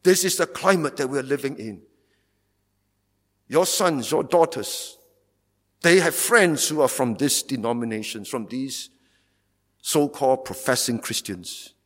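A man's voice: medium pitch, a little slow, long pauses, a bit bright. A man preaching a fervent sermon as pastor, repeating phrases and driving points home with rising emphasis. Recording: long hall reverb.

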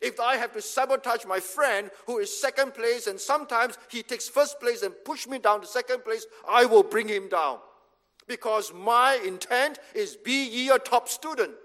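A man from Singapore preaching a sermon as pastor, emphatic and measured, repeating phrases for stress. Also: very high voice, a bit bright. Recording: long reverb of a hall.

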